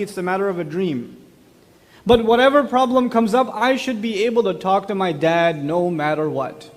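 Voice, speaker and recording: A high-pitched man gives a chatty religious talk on parenting in a large hall. He keeps it conversational, tossing rhetorical questions out to the audience.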